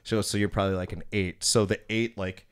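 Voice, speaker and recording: A young man with a lowish voice tells stories in a casual chat, cursing freely. He acts out both sides of his conversations. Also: quick pace, smooth. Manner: profane, animated storyteller. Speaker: podcast host.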